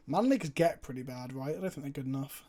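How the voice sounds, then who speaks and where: A man's voice: mid-range voice, expressive, quick pace, warm tone. A man streaming a card game, commentating his plays casually, chatty and thinking aloud, with frequent swearing.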